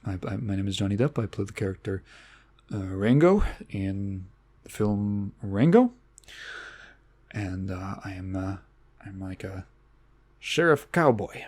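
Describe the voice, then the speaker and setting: A man's voice: animated, measured pace, long pauses. A man putting on a vaguely European accent to do a mumbling, hesitant impression of an adult male movie star. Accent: vague put-on European. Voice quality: low, hushed mumble.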